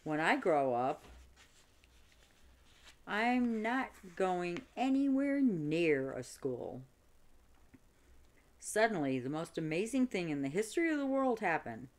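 A woman reading a children's book aloud in an expressive storytelling way. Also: lowish voice, takes it slowly, long pauses. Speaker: reader.

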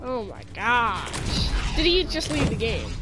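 High, trash-talking gamer woman. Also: sing-song, slow pace. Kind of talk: casual gameplay commentary. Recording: loud background noise, gunfire.

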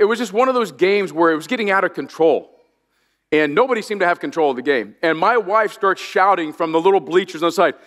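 Middle-aged male pastor from Indiana; high-pitched, chatty storyteller preaching in a large echoing sanctuary. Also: fairly bright tone. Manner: storytelling, self-deprecating, many restarts. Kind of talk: sermon. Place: large church auditorium. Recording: long reverb of a large church.

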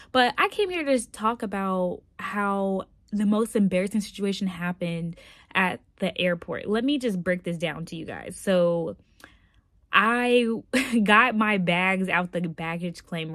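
Lively woman vlogger, low voice, dry sound. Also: no echo. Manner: animated, laughing storyteller with many "like" and "um" fillers. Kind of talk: casual storytelling to camera.

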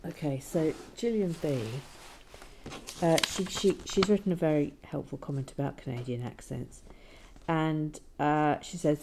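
A woman's voice: low-pitched, unhurried, a little mellow. A woman hosting a building-toy vlog, chatting casually and rambling with many fillers while she builds. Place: cold room at home.

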